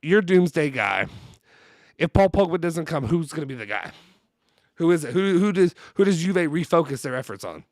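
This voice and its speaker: A man's voice: fairly high pitch, big pitch swings, normal speed, dry recording, studio quality. A man from Kentucky co-hosting a casual football chat podcast from his home basement, rambling with lots of fillers and restarts, drifting into tangents. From Louisville, Kentucky. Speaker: podcast co-host.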